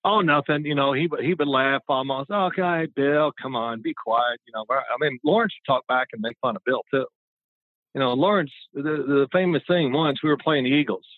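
A man in his sixties, once a quarterback, is a guest in a casual interview, spinning rambling, chatty stories and often starting over. His mid-range voice moves fairly quickly, and the dry, echo-free audio sounds tinny, like a phone line.

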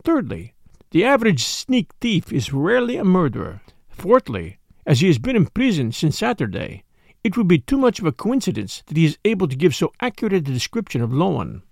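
A man voicing a precise, fussy older male detective in a calm, measured, lilting way. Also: a little high, gravelly, dry recording, studio quality, heavily acted. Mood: calm reasoning.

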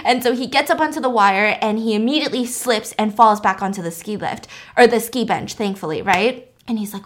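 A woman's voice: a little high, a little fast, few pauses. Chatty young woman recapping a movie. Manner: chatty storyteller, filler-heavy, laughs often. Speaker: podcast host. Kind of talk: casual movie recap chat.

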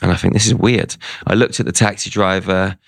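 A man's voice: low voice, fairly even intonation, fairly quick, gravelly, dry recording. A man, a guest in an interview, telling a story in a casual way and quoting what people said. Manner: conversational, retells events with quoted dialogue.

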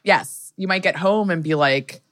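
Low-voiced woman co-host, wry and easygoing. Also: unhurried. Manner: agreeable, short backchannel replies, wry. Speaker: podcast co-host. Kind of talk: casual chat.

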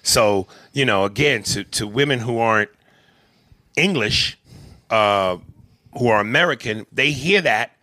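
Man, podcast co-host, crude rambling jokes, lively bright voice, dry close mic. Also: medium pitch, unhurried, no echo. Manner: crude, joking, rambling, laughs often. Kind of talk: casual movie chat.

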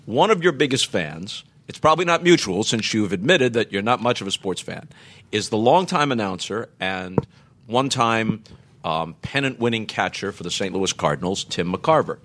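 Lively, bright-voiced male storyteller. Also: fairly low pitch, normal speed, a little hiss or hum. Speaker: guest sportscaster. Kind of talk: casual anecdote.

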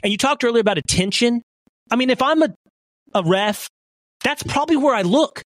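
A man's voice: very high voice, lively intonation, fairly quick, no echo, clean studio sound. A male talk show host chatting casually, building up to emphatic points. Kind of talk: casual podcast chat.

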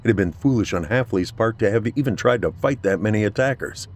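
A man giving a steady, measured scripted narration of a horror story. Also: on the low side.

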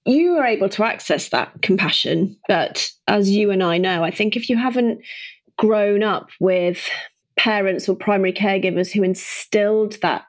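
A woman's voice: mid-range voice, moderate pace. A woman hosting a podcast, asking long, engaged questions of her guest. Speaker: podcast host. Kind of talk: podcast interview.

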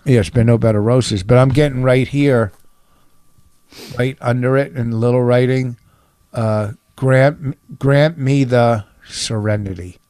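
A man's voice: medium pitch, unhurried, darkish tone, clear, resonant tone, no echo. A middle-aged man telling a long story in loose, rambling chat, stopping and restarting his sentences. His voice sits in a middle range and sounds close and dry, with no room around it. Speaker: podcast co-host telling a story. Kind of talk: casual chat.

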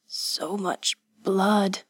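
A woman voicing a badly wounded young woman who is weak and delirious, speaking in a faint breathy whisper. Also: mid-range voice, fairly even intonation, very slow, no room sound. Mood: weak pleading.

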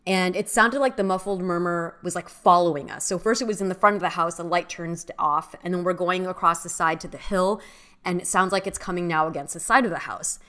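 A young woman with a bright, forward voice that sits slightly low for a woman. She tells a personal story in loose, animated conversation, full of "like" and "um" as she goes. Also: fairly quick. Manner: animated storyteller, many fillers. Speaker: podcast co-host. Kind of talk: casual storytelling chat.

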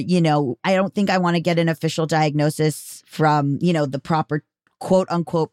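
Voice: medium pitch, a little mellow, no room sound. Chatty podcast host, dry close mic. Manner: rambling, self-deprecating, frequent restarts. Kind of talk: casual solo podcast talk.

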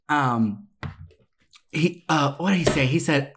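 Animated, swearing young podcast co-host. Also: medium pitch, moderate pace. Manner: animated, profane, swearing oaths for emphasis. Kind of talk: casual storytelling chat.

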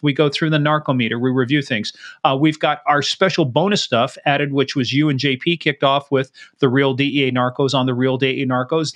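A man co-hosting a podcast, chatting casually and running through promos in a jokey, quick patter. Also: on the high side, a bit bright. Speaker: podcast co-host.

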